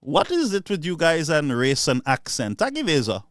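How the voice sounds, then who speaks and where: A man's voice: on the high side, very animated, moderate pace, a bit bright, no echo, studio quality. A man with a Saint Lucian accent giving an impassioned political speech, sarcastic and mocking. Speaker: political commentator.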